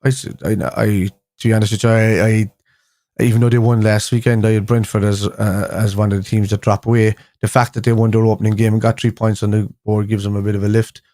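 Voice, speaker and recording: A man's voice: fairly low pitch, flat delivery, quick pace, mellow, no room sound. A man hosting a casual fan live stream, rambling with frequent restarts as he reads out viewer comments. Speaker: fan show host.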